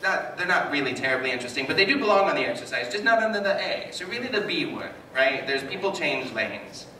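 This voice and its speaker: A man giving a live talk as a psychotherapist, telling stories with animated, self-mocking humor to an audience. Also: on the high side, fast. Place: hall with an audience. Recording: echoey hall, mic at a distance, noisy.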